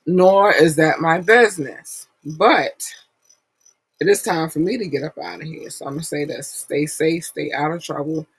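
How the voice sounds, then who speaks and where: Husky-voiced woman, blunt podcast pep talk. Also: low voice, moderate pace, poor audio. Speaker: podcast host. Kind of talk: casual motivational monologue.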